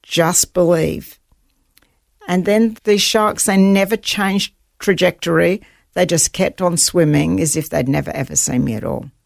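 Here a guest author tells, in an interview built around storytelling, how she survived at sea, earnest and vivid, repeating what she thought at each moment. Her lowish, creaky voice moves a little slowly. The sound is clean studio audio without echo.

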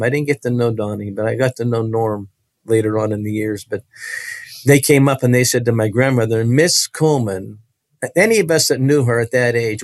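Male guest, earnest testimony, halting delivery, dry close sound. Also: medium pitch, dry recording. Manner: earnest, halting, restarts with laughs. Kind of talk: personal testimony storytelling.

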